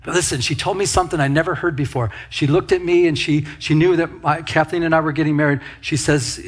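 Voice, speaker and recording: A man's voice: a little high, steady tone, quick pace, few pauses. A middle-aged male pastor preaching a sermon, calling out to the congregation to answer back and often restarting his phrases. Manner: leads congregation in call-and-response.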